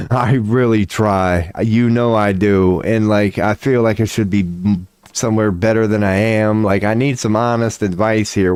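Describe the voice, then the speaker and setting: A man rambles on a livestream, cussing freely and laughing at himself. His voice sits low and comes through smooth and clear. The sound is dry and close, with no room in it. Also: darkish tone, no echo. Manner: profane, laid-back, self-mocking with frequent laughs. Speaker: streamer. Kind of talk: casual rambling monologue. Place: at home.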